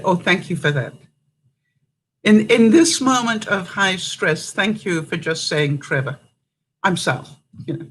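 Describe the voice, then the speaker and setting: A woman's voice: mid-range voice, fairly bright tone, a little hiss or hum, rough recording. An older woman from Canada, telling a story to camera in a chatty way, laughing often and acting out what others said. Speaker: vlogger.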